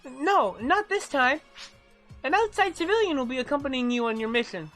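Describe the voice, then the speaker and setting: Polite young guild receptionist, read by a woman in a game read-along. Very high, bright, measured. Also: soft background music.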